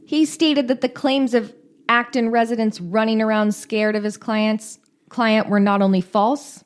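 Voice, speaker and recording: A woman co-hosting a podcast, reading case details in a casual true-crime storytelling style with joking, irreverent asides. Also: mid-range voice. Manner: reads case notes with joking asides and profanity. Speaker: podcast co-host.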